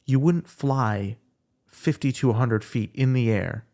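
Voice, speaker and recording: A man's voice: medium pitch, unhurried, dark tone. A man who hosts his own podcast, a guest here, chatting casually and telling stories with easy laughter. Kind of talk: casual chat.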